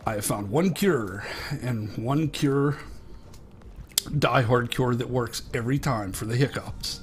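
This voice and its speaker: A man's voice: medium pitch, sing-song, unhurried, soft background music. A man with a Western Pennsylvania accent hosting a Minecraft let's-play, chatting in a rambling, casual way as he plays. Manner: chatty and rambling, talks to the animals on screen. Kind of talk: casual gameplay commentary.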